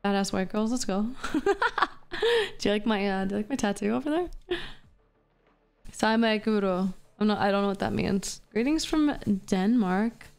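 A woman's voice: mid-range voice, normal speed, vocal fry, darkish tone, clean tone. A woman streamer chatting casually with her live chat while gaming, profane, playful and flirty. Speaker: VTuber streamer.

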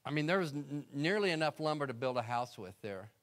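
A man's voice: mid-range voice, lively intonation, a little fast, fairly bright tone. A middle-aged man, a guest speaker, telling a story in a sermon and acting out his own prayers.

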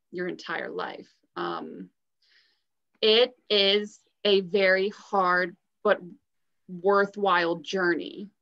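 A woman's voice: medium pitch, fairly bright tone. A woman, a podcast guest, giving earnest and encouraging advice in casual talk. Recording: dull lo-fi sound.

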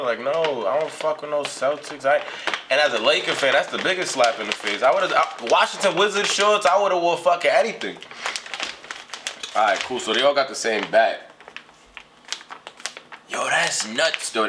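Bright-voiced young man, profane and animated. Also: medium pitch, a little hiss or hum. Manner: animated, profane, swings from griping to hyped. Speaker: vlogger unboxing clothes. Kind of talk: casual unboxing vlog.

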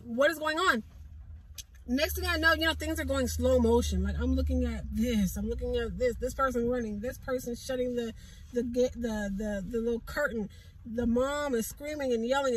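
Bright-voiced woman telling a story. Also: sits high, breathy edge, distant mic, rough recording. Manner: emotional, repetitive retelling with many restarts. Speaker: vlogger. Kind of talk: casual storytelling.

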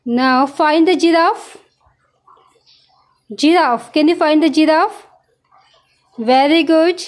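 A young mother patiently teaching her toddler animal names, praising and prompting with questions. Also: high-pitched. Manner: slow, coaxing, praising, asks prompting questions.

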